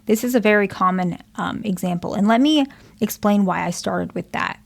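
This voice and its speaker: A woman therapist explains relationship patterns to the camera in an earnest, patient way. Her voice carries a steady vocal fry at a middle pitch, and she keeps checking in with her listener. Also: normal speed. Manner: earnest, checks in often with "okay?" and "right?"; explains patiently with example dialogues. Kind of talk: advice monologue to camera.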